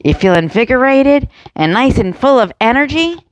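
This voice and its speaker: A woman's voice: sits high, animated, moderate pace, dry recording. A woman leading a yoga lesson for children and their adults, encouraging, playful and full of questions to the kids. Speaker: kids' yoga instructor.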